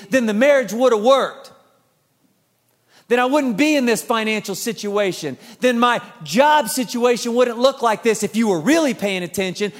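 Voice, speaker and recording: A man in his thirties preaching a sermon, telling stories with humor and acting out family scenes. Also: extremely high pitch. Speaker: pastor. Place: church sanctuary. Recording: long church hall reverb.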